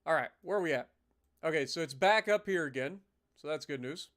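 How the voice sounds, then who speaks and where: A man's voice: a little high, animated, fairly quick, a bit bright. Casual man streaming a naval strategy game. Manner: casual, thinks aloud, swears, clears throat often. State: slightly rough throat. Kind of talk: live strategy game commentary.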